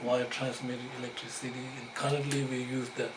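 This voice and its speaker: A man's voice: mid-range voice, little pitch movement. Tibetan-speaking man teaching dharma from afar. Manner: halting, many fillers, chuckling asides. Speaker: Buddhist teacher. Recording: echoey room, distant mic, background noise.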